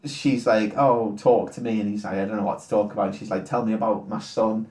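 A man's voice: on the low side, fairly even intonation, darkish tone. Man, drunk podcast chat, sweary, laughing, retells a film, echoey room. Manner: sweary, laughing storyteller doing quick voices of characters.

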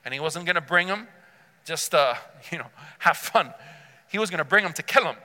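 A man's voice: fairly high pitch, expressive, brisk, pushed and bright, in a large hall. A man preaching a sermon, telling a story with emphasis and acting out the quotes himself. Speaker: pastor.

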